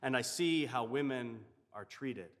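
Male chaplain, mid-range voice, measured storytelling in a reverberant hall. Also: mid-range voice. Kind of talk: storytelling sermon.

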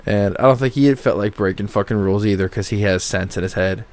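A man's voice: fairly low pitch, fast talker. A man chatting casually, swearing often and acting out how angry he got. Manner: animated, swears often, acts out his own angry past lines. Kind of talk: casual chat.

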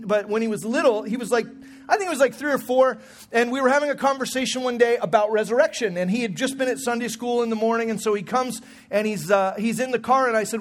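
A man in his forties preaching a sermon as pastor, in a conversational, humorous way with frequent restarts. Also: extremely high pitch. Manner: conversational, humorous, self-correcting.

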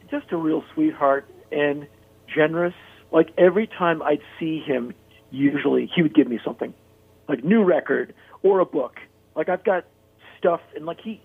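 A man with a somewhat high, gravelly voice and a husky edge tells a story in a casual interview. He talks animatedly, with plenty of "like" and "you know". The sound is thin and phone-like. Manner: animated, acts out quoted voices, many "like" and "you know" fillers. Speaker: interview guest. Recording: phone-like narrow-band audio.

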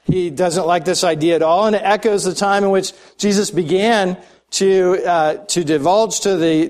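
A man's voice: a little high, darkish tone. Man preaching in a conversational way. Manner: conversational and searching, with frequent restarts and asides. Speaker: pastor. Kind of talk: sermon.

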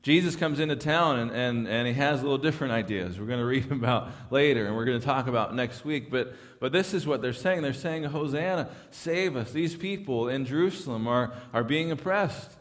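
A man's voice: medium pitch, a little fast, few pauses, big-room sound. A man preaching a sermon as pastor, speaking emphatically and often restarting his phrases. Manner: emphatic, repeats words when restarting. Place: church sanctuary.

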